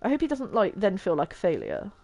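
A woman's voice: mid-range voice, huge pitch swings, fast talker, creaky, dark tone, soft background music. A young woman chatting and giggling her way through a life-sim game as a streamer. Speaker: gaming streamer. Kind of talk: casual gameplay commentary.

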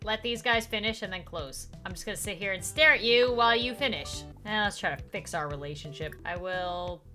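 A woman hosting a let's play, commenting in an excitable, playful way with quick reactions. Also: mid-range voice. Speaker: gaming channel host. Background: faint game music.

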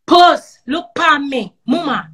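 A woman's voice: high voice, animated, slow, fairly bright tone. A woman with a Jamaican accent ranting heatedly on a live stream, firing off rhetorical questions and swearing in patois. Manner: patois slang and profanity. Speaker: social media personality.

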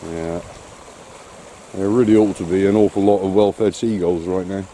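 A man's voice: low voice, steady tone, moderate pace, warm tone, a little hiss or hum. Dry-witted man walking his dog. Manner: dry, wry remarks, often talking to his dog. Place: outdoors on a wet shore and woods.

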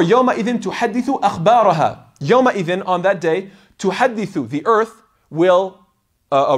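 A man giving an explanatory religious lecture as a Quran teacher, animated and acting out the voices he quotes. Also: high-pitched.

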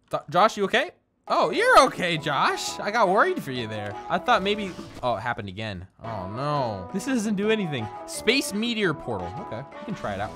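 A man doing comedic, playful gameplay commentary, teasing and giggling as he plays. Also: on the high side. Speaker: gaming YouTuber.

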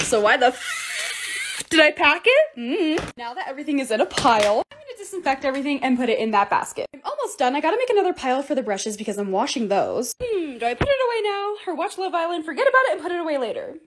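A young woman chatting through her own vlog, narrating each task step by step in an excitable, casual way. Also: high-pitched, slight background noise. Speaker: TikTok creator.

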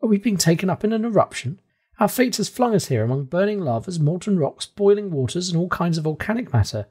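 Man reading as a frightened young man, shrill, pleading, raised and tense, slightly husky, storybook. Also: big pitch swings, quick pace, heavily acted. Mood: alarmed. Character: young man, frantic, terrified nephew.

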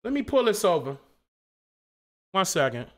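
A man's voice: high voice, sing-song, normal speed. A man hosting his own live stream, speaking in a passionate, preachy rant full of rhetorical questions and casual slang. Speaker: channel host.

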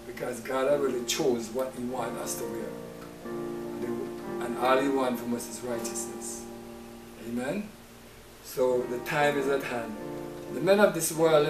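A man's voice: medium pitch, recorded from a distance. A man preaching a conversational sermon, often stopping to check in with listeners with a repeated "right?". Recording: echoey, from off-mic, with guitar.

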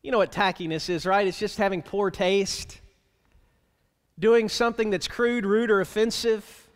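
A man's voice: sits high, steady tone, normal speed, long reverb tail. A man preaching a sermon as pastor, plainspoken and wry, speaking to the congregation in a conversational way and asking them rhetorical questions. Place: church sanctuary.

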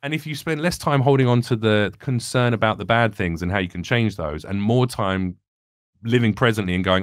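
A man's voice: on the low side, brisk, dry recording, studio quality. A young man, a comedian guest talking earnestly and reflectively in a candid podcast conversation. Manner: earnest, reflective, rambling with restarts.

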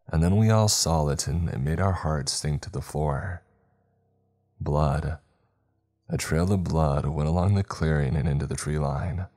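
Very deep-voiced horror narrator. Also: male voice, soft background music. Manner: steady, measured storytelling. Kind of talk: scripted first-person horror narration.

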